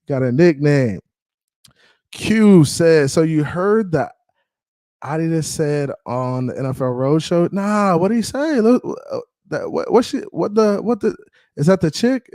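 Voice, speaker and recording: An animated man hosts a live sports stream, his pitch leaping all over as he hypes the chat and razzes rival fans. The sound is dry and close, with no room around it. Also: no room sound. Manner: animated, trash-talking, shouting out viewers. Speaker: livestream sports show host. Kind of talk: casual live-stream banter.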